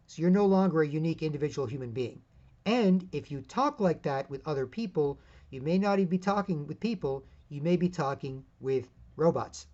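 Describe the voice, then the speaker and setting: A man's voice: a little high, darkish tone, lo-fi sound. A man hosting his own independent media show, giving a rambling, emphatic solo commentary full of asides.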